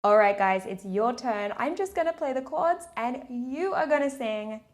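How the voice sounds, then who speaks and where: A woman's voice: on the high side, animated, moderate pace. A woman with a slight accent giving a patient, encouraging singing lesson, counting beats aloud as she teaches. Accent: non-native English accent. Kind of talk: step-by-step vocal tutorial. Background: piano chords.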